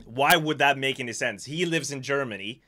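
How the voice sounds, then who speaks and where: A man from Sweden, Swedish accent, talks casually on a live stream at normal speed in a mid-range voice, with a little hiss or hum in the audio. Animated and self-deprecating, he keeps laughing at himself.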